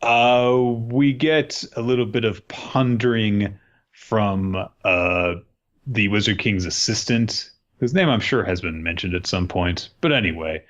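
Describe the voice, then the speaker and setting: A man's voice: lowish voice, a little slow, lo-fi sound. A man co-hosting a podcast, recapping manga chapters in rambling casual chat and acting out the characters' lines. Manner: rambling, filler-heavy, acts out quotes.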